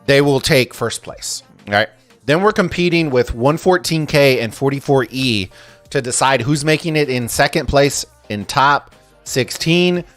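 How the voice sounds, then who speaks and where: A man casting a strategy game tournament on a live stream, excitable and chatty, swearing freely as he reads viewer messages. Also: mid-range voice, measured pace, faint music behind. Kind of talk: casual live-stream commentary and chat reading.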